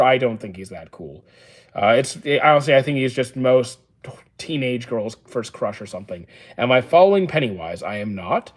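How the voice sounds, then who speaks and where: Reading out chat questions, a livestream host in his thirties gives calm, dry, matter-of-fact answers filled with frequent "uh"s. His voice is medium in pitch.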